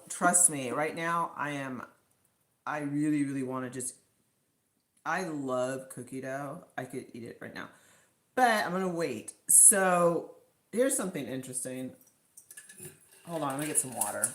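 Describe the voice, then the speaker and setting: A woman's voice: low-pitched, expressive, unhurried, pauses often, a bit bright. A woman chatting casually as host of a livestream from her home kitchen, rambling with lots of fillers. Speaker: live stream host.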